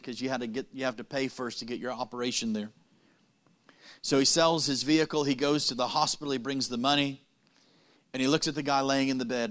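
A man preaching a sermon, telling a story with dramatic pauses and quick, punning asides. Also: mid-range voice, a bit bright.

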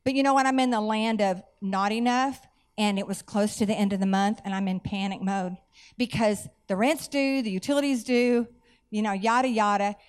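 A middle-aged woman, preaching a sermon through animated personal stories with folksy asides. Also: mid-range voice, moderate pace, smooth. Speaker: church speaker.

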